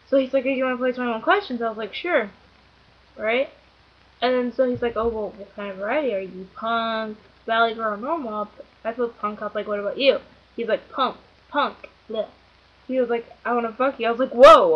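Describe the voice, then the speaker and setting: Rambling young woman, lo-fi webcam sound. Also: on the high side. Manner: rambling, filler-heavy, giggly. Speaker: vlogger. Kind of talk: casual storytelling.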